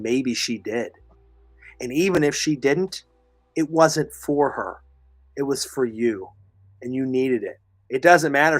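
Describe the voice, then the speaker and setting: A man's voice: medium pitch, no room sound. A man co-hosting a podcast, giving earnest, emphatic advice and reading listener comments while losing his voice. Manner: emphatic, repeats phrases, coaching tone. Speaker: podcast co-host.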